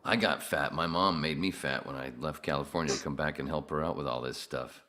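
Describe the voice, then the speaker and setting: A man's voice: very deep voice, brisk, bright, forceful tone. A man chatting casually on a podcast, laid-back and rambling, with casual swearing.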